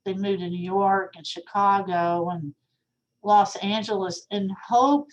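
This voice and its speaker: A young woman talks through an art history lecture in a loose, conversational way. She drifts into small asides and plain fillers. Her pitch sits in an ordinary middle range. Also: measured pace, lo-fi sound. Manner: casual, chatty, with fillers and asides. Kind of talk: recorded classroom lecture.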